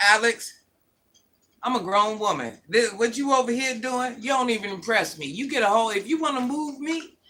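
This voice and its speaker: A woman's voice: mid-range voice, sharp tone. Blunt middle-aged woman ranting on stream. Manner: blunt, preachy, repeats her points. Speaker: livestream host. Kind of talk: ranting commentary to viewers.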